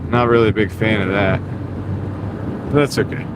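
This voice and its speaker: A man's voice: fairly low pitch, normal speed. A man with a mild North Carolina Southern accent, chatting casually with live viewers while he drives for deliveries. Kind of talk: casual live-stream chat. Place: inside a car. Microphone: wireless mini mic with phone. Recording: steady car and road noise.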